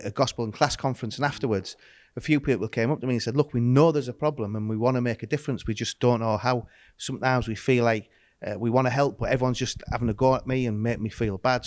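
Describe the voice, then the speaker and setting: A man's voice: medium pitch, darkish tone, dry recording, studio quality. Earnest, reflective man guest. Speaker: pastor, podcast guest. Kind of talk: casual discussion.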